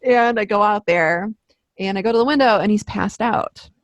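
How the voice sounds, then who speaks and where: Young female podcast co-host: chatty, animated, swears, acts out her quotes, dry close mic. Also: mid-range voice, normal speed, no echo, lo-fi sound. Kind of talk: casual chat, storytelling. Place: home office.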